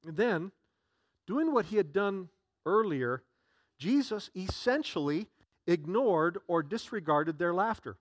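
Male pastor preaching a sermon, high voice, dry close sound, earnest with frequent restarts. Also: lively intonation, a little slow, dry recording.

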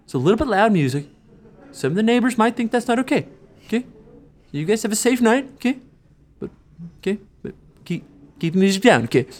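A man putting on the voice of a calm, polite police officer who talks in a measured, soft-spoken way. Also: high-pitched, pitched above the performer's own voice.

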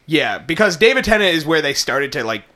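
A man's voice: a little high, sing-song, a little fast, over a noisy crowd. A young man co-hosting a casual podcast chat, eagerly explaining fan lore with lots of fillers. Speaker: podcast co-host.

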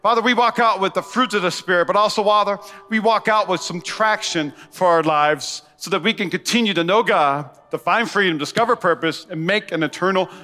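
Over soft background music, a male pastor preaches in a big church, his bright, forceful, high voice echoing with long hall reverb. His sermon engages the congregation through call-and-response and rapid asides.

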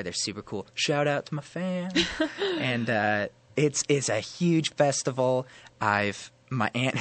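A young man, a musician guest, chatting casually in an interview, easygoing and quick to laugh. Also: lowish voice, a bit bright, no echo. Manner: easygoing, laughs often, self-deprecating.

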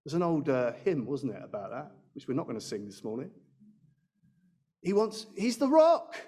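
A man's voice: a little high, sing-song, moderate pace, warm tone, husky. A man preaching a sermon in a church, chatty and self-deprecating, speaking into a handheld mic. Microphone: handheld microphone.

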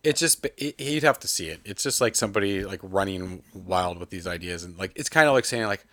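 A man co-hosting a podcast in casual film chat, rambling and animated, acting out voices as he retells a sketch. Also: sits low, a little fast, no echo. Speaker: podcast co-host.

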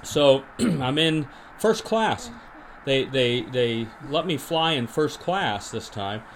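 A man hosting a podcast, deadpan and rambling with many restarts, in an improvised comedy monologue and mock interview. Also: medium pitch, slow pace, a little hiss or hum. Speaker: podcast host.

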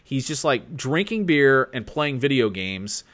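A man co-hosting a casual sports podcast rambles through the chat with many restarts and fillers, his mid-range voice very animated, a bit bright and a little slow. He and his wife are expecting a baby.

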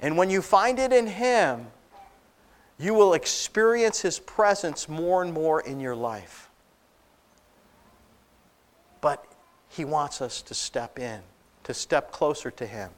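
A man with a fairly high voice preaches from the pulpit. He retells a Bible story with animated, conversational asides and acts out the characters' lines. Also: measured pace. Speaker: pastor. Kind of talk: sermon.

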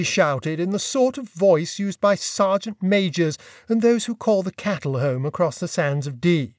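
Casting: male audiobook reader, wry comic storytelling, lively melodic delivery. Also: high-pitched, unhurried, hardly any pauses, no room sound, clean studio sound. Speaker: audiobook narrator. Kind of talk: scripted narration.

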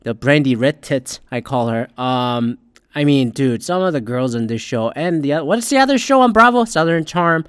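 A man's voice: medium pitch, animated, moderate pace, clear, resonant tone, dry recording, studio quality. A man ranting in casual, rambling commentary, sarcastic and swearing constantly as a podcast host. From Asian heritage.

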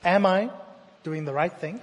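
A man with a high voice delivers a sermon, rising to loud repeated declarations and dropping to near-hushed lines. His voice rings with long reverb in a church hall. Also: measured pace. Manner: dynamic delivery, swinging from loud emphatic repetition to hushed intimate tones. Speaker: preacher.

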